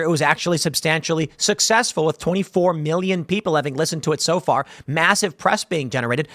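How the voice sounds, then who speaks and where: A man's voice: sits high, a bit bright, no echo. A man hosting a commentary show, talking in a rambling, jokey way with lots of asides, from a studio room. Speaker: host.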